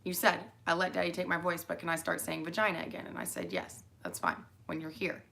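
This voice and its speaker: Tired woman with a gravelly voice. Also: lowish voice, big pitch swings, fast talker, sharp tone. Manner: meandering, with fillers and mid-sentence restarts. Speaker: mother speaking to her daughter. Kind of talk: rambling personal monologue.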